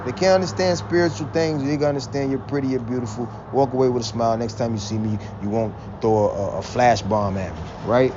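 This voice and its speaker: A religious vlogger with a medium-pitched voice delivers a blunt, profane, preachy rant at a quick pace with hardly any pauses. He quotes scripture and laughs between points. The recording is dull and lo-fi, with faint vehicle noise.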